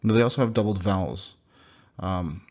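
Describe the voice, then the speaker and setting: Low-voiced man teaching pronunciation. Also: darkish tone. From United States. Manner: explanatory, demonstrates words slowly and repeats them. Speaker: language teacher. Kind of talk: recorded slide lecture. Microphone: computer mic. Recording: dull lo-fi computer recording.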